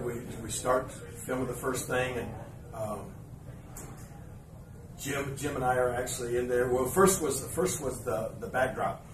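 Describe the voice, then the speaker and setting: Man spinning a live story in a roomy hall. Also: mid-range voice. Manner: animated, chuckles often, acts out scenes. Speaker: podcast host telling a story to live fans. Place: live event room with an audience. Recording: roomy, distant live recording with ambient noise.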